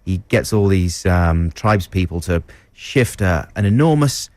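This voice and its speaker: A man co-hosting a radio show in relaxed casual chat. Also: deep voice, a little slow, dry recording. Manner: relaxed, does impressions. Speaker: radio host.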